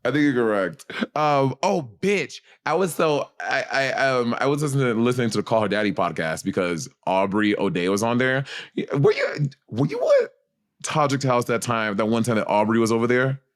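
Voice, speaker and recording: A man's voice: mid-range voice, lively intonation, a little fast. New york guy on a podcast, chatty and blunt, cussing casually, talking from home. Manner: chatty, blunt, swears freely. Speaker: podcast co-host. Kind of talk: casual chat.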